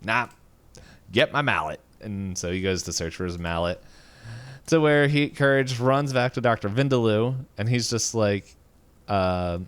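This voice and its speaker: Low, smooth-voiced man recapping casually. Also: animated, unhurried. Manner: rambling with many fillers and frequent chuckles. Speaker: podcast co-host.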